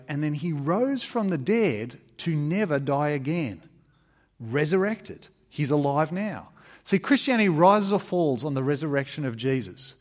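A man preaching a sermon in an emphatic, conversational way, with fillers and restarts. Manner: expressive, emphatic preaching with varied pitch. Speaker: pastor.

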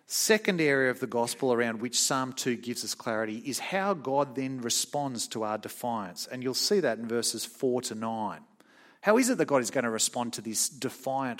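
Middle-aged aussie bloke preaching, earnest and emphatic, slows right down on the big points. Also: male voice, medium pitch, a bit bright. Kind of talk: sermon.

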